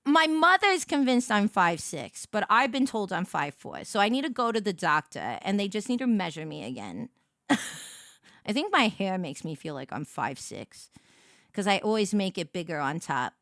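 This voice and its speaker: A young woman streaming as a VTuber, telling a story in casual chat and greeting her viewers with big, bright jumps in her voice. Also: mid-range voice, very animated, moderate pace, no echo, clean studio sound.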